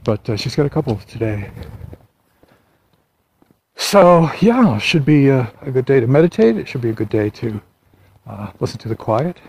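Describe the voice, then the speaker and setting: A man's voice: medium pitch, lively intonation, moderate pace, long pauses, darkish tone. A man chatting casually to the camera while out on a walk, rambling and poking fun at himself. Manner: rambling, chatty, self-deprecating. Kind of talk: casual walking vlog monologue. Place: outdoors on a walk through a neighborhood. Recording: clear outdoor background noise.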